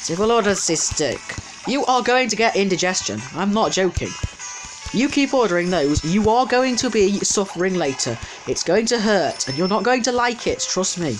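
A man's voice: high-pitched, expressive, normal speed, soft background music. A man giving casual let's-play commentary, chatty and easily distracted, talking back at the game's customers. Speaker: gameplay commentator.

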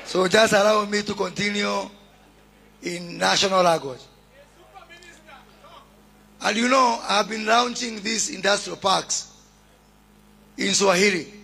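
A man with a Kenyan accent giving a deliberate, oratorical public speech as a government minister at a launch event, calling out greetings to the crowd. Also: high-pitched, fairly even intonation, vocal fry, bright, forceful tone, breathy edge.

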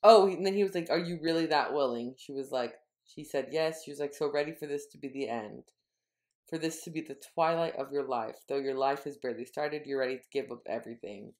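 A woman co-hosting a podcast, casually retelling a book's scenes and quoting its dialogue in a low murmur. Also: brisk, a little mellow. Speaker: podcast co-host. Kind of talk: casual book-recap chat.

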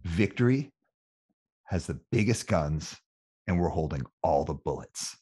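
A man acting out a loud, brash male record label boss who gives a bossy hard sell. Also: very deep voice, expressive, unhurried, breathy edge, heavily acted. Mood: menacing.

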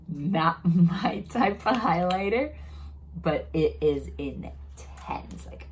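A woman's voice: low-pitched, slight background noise, low-quality recording. A young woman chatting casually while unboxing and trying on makeup, narrating each step and easily delighted. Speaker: beauty vlogger.

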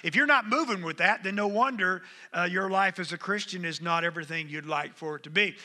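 A man's voice: high voice, a little fast, sharp tone. A middle-aged man preaching a sermon, talking conversationally and calling out to the congregation. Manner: conversational, engages the congregation with "come on". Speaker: pastor. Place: church sanctuary. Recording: long hall reverb.

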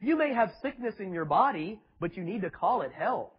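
A male preacher delivers a sermon full of sarcasm and emphatic repetition. His voice sits high and sounds husky. The recording is dull and lo-fi. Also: lively intonation, brisk. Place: church with children present.

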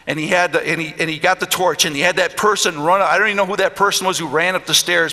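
A middle-aged man preaching a storytelling sermon in a church, acting out the voices of the people in his stories. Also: a little high. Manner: animated, acts out voices in stories. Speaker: pastor. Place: church hall. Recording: long hall reverb.

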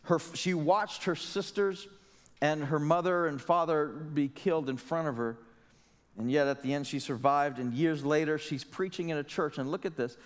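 A male pastor with a fairly high voice delivers a sermon in an earnest, conversational style, leaning on pointed rhetorical questions. His words carry through a church sanctuary with a long, ringing reverb. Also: moderate pace.

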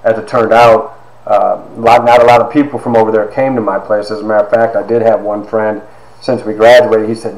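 A man in his fifties giving a personal testimony, halting with fillers and acting out quoted dialogue. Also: fairly low pitch, level tone, darkish tone. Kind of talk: personal storytelling talk. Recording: roomy echo.

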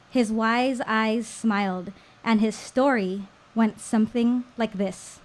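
A woman in her thirties tells a personal story on stage at a small live show. Her voice sits a little high, and she takes her time, lingering in deliberate pauses between phrases. The delivery is warm with storytelling rhythm rather than chatty. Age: 30s.

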